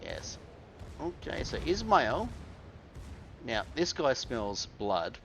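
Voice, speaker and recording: A man's voice: mid-range voice, sing-song, slow pace, a bit bright, faint music behind. An Australian man giving casual, wry commentary over his own gameplay, full of crude slang.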